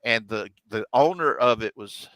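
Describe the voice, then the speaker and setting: A man's voice: mid-range voice, normal speed, no room sound, low-quality recording. A middle-aged man, the host, telling a story in a casual chat and acting out what others said. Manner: animated, quotes others' voices.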